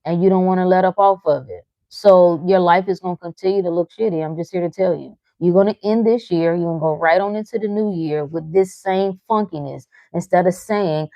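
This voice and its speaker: Blunt, profane woman with a low, mellow voice. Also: brisk, hardly any pauses, no echo, dull audio. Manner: frank, profane and teasing, with short laughs. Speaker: livestream host reading chat. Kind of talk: blunt motivational talk.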